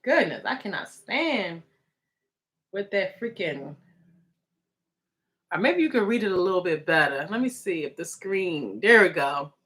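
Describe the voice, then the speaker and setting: A woman's voice: lowish voice, animated, a little slow, long pauses, fairly bright tone. A woman talking casually and emotionally in a live video, rambling and indignant as she defends her partner.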